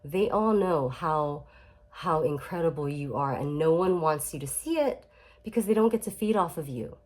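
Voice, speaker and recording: A woman's voice: low-pitched, darkish tone. A young adult woman talking casually to camera about healing, chatty and emphatic, with many fillers and restarts and the odd swear word. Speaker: self-help vlogger.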